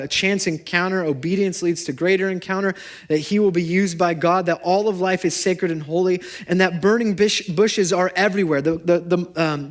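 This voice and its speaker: A man, a pastor preaching a sermon and telling stories, swinging from loud emphasis to quiet, intimate moments. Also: high voice. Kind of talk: sermon with storytelling. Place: church service.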